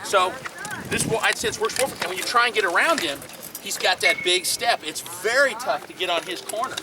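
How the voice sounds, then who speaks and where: A man with a fairly high voice runs an outdoor fighting class, calling out cues and breaking into asides as he coaches pairs through drills. He is recorded by a camera some distance away, with clear outdoor noise around him. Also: brisk. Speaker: combat instructor. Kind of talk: teaching a hands-on fighting class.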